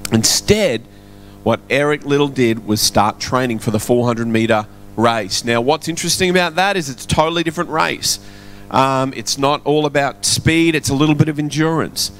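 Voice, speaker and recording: A man's voice: medium pitch, slight background noise. A man preaching a sermon in a church, chatty and quizzing the congregation. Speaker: pastor. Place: church hall. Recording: soft music behind.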